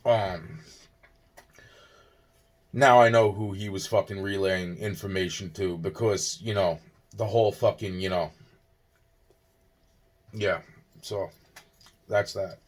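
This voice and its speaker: A man's voice: low voice, steady tone, takes it slowly, long pauses. Agitated, cursing man from Long Island. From Long Island, New York. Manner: agitated, profane, repeats himself, restarts. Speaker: vlogger. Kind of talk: rambling personal monologue.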